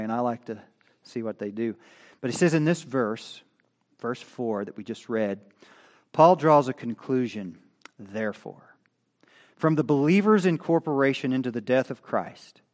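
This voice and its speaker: A man preaching a sermon at a church, moving from quiet teaching to loud emphatic peaks, with chatty asides. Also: medium pitch. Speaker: pastor. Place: church sanctuary. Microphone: stand microphone.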